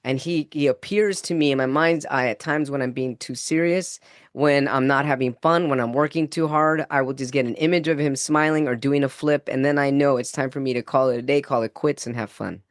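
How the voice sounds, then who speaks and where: A man guesting on a podcast, telling an earnest personal story in a casual, animated way, acting out his own inner dialogue and laughing easily. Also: mid-range voice, brisk, no echo, clean studio sound. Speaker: guest spiritual channeler.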